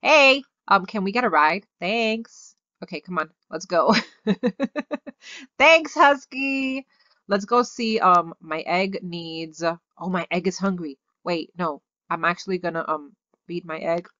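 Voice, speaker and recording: A woman hosting her own gaming video, commenting excitedly and gushing over cute things as she plays. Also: fairly low pitch, slow, no echo, lo-fi sound. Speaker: gaming channel host.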